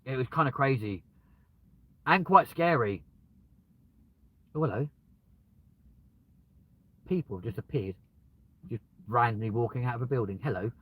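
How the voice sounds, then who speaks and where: A man's voice: mid-range voice, moderate pace, long pauses, phone-quality sound. A British man chatting live from his car, joking and laughing at himself. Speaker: live streamer. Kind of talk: casual live-stream chat. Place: in a car with the window open.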